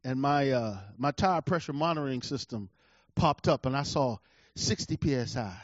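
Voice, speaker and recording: A middle-aged man preaching a sermon and telling a personal story, emphatic, swinging between loud bursts and low asides. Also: moderate pace, no room sound. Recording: dull lo-fi recording.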